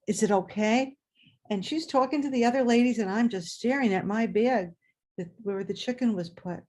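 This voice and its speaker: A woman telling a personal story live, animated and acting out voices and sounds. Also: medium pitch.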